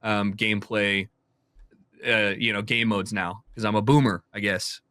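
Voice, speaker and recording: A man's voice: lowish voice, flat delivery, measured pace, sharp tone, no room sound. A young adult man, a streamer, talking candidly and opinionatedly in a casual podcast chat. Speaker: streamer guest.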